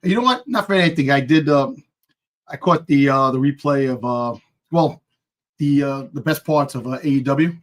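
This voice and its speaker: A man's voice: mid-range voice, normal speed. A man co-hosting a live wrestling chat, rambling and hesitant, often searching for words. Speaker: podcast co-host. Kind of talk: casual live-stream chat.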